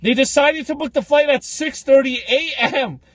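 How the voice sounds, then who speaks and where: A man co-hosting a podcast, telling comic stories in a casual chat and jumping into high squealing voices for the people he quotes. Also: normal speed, no room sound. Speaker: podcast co-host. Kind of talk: comedic storytelling chat.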